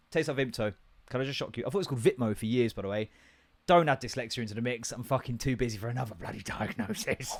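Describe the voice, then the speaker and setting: A young English man hosting a podcast, ranting in a casual, sweary way that jumps from topic to topic. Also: mid-range voice. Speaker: podcast host.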